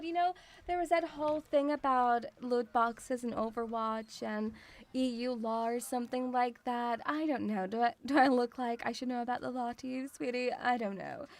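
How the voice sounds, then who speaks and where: High-voiced, teasing British woman. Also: a little mellow. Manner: teasing, mock-stern, calls the audience "sweetie". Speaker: streamer playing a teacher. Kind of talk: playful live-stream chat in a teacher role-play.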